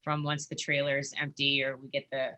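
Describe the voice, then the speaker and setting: A woman with a low, bright-edged voice tells stories from her touring life as a podcast guest. She talks in an animated, chatty way, full of "like" and quick asides. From United States. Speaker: guest, musician and former wrestling interviewer. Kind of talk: casual interview storytelling.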